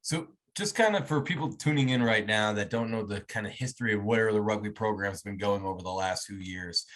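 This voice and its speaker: With a fairly low but fairly bright voice, an interview-show host talks briskly and eagerly with his guest, often starting his sentences over.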